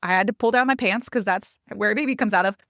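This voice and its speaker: A woman's voice: medium pitch, fast talker, a bit bright, dry recording, studio quality. A woman in her thirties hosting a podcast, telling a personal story in a confiding, emphatic way and speaking straight to her listeners. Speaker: podcast host.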